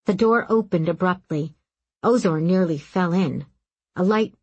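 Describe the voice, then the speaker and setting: A woman reading a story aloud, in a calm, steady narration. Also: fairly low pitch, measured pace, husky, no room sound. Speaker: audiobook narrator. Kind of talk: scripted narration.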